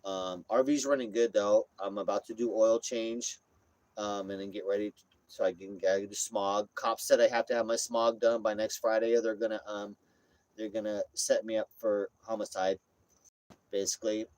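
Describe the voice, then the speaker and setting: A man's voice: fairly low pitch, fairly even intonation, normal speed, darkish tone, no room sound. A man livestreaming from his parked RV on a phone, rambling and repeating himself, swearing freely in casual chat. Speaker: streamer. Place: inside a parked RV.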